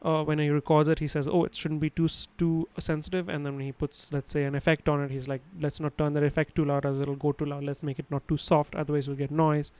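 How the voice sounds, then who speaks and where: A man's voice: on the high side, flat delivery, fast talker, few pauses, a little mellow, smooth, rough recording. A man teaching a livestream lesson on sound, explaining casually with many fillers and restarts, recorded at home on a studio microphone. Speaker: instructor. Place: his home room.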